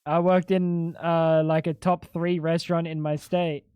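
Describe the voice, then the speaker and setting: A young man chatting on a live stream has a high, slightly mellow voice that is clear and resonant, with little pitch movement and a slightly slow pace. Close and dry with no echo, he curses and tells crude jokes in disbelief.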